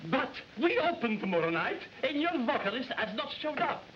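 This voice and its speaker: Impatient club manager, stern, animated pitch; 1940s film, lo-fi hiss. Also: male voice, fairly quick. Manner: impatient, pointed. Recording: dull old film soundtrack with hiss.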